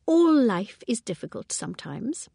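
A mild old spinster detective, read by a woman in an audiobook, asking polite, searching questions. The voice rises and falls in a lively lilt. The recording is close and dry. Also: fairly high pitch, a little slow, vocal fry, dry recording, voice pushed up, heavily acted. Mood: mild, probing. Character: gentle elderly spinster sleuth, inquisitive. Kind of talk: audiobook character reading.

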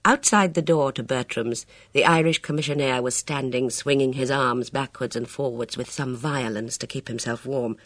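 A man narrating a mystery audiobook in a measured, even reading. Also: mid-range voice, no echo, clean studio sound. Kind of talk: scripted narration.

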